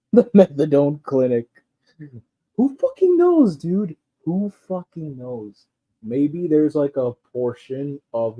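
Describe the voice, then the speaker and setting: A man ranting casually in a rambling, profane way with lots of fillers, on a dull lo-fi recording. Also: medium pitch. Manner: rambling, profane, loose delivery with frequent fillers and laughs. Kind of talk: casual rant.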